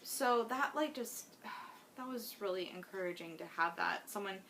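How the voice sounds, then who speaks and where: Woman vlogging to camera, bright clear voice, earnest n heartfelt, lots of likes and ums. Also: medium pitch, animated, moderate pace, a little hiss or hum. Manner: earnest, heartfelt, rambling with fillers. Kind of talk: personal video diary.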